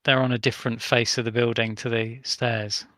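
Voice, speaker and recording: A man's voice: mid-range voice, flat delivery, moderate pace, fairly bright tone, no echo. A man playing a tabletop game, carefully asking questions and planning his character's moves. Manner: careful, asks clarifying questions. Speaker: player.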